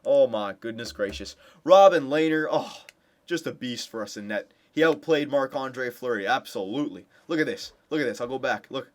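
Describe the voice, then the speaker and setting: Young male gameplay commentator, eager and chatty, swings between hyped cheering and low muttering. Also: normal speed. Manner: excited cheering for his team. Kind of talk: casual video game commentary.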